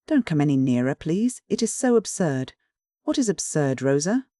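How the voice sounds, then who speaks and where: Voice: medium pitch, sing-song, moderate pace, warm tone, no room sound, studio quality, close to an everyday voice. A narrator voicing a shy, petulant young girl who is engaged to be married, in an audiobook reading. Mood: fretful. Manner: fretful, petulant complaining.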